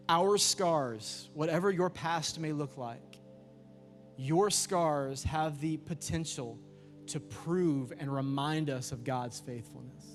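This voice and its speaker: A man, preaching a youth sermon and telling stories with lively acted-out voices. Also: medium pitch. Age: 30s. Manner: lively storytelling, acts out voices. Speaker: youth pastor. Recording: echoey hall with music behind.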